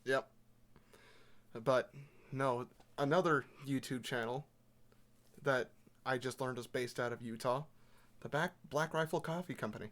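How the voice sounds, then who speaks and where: A man's voice: medium pitch, fairly even intonation, a little slow, long pauses, fairly bright tone. A man co-hosting a casual podcast, laid-back, laughing along and chiming in. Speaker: podcast co-host. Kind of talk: casual chat.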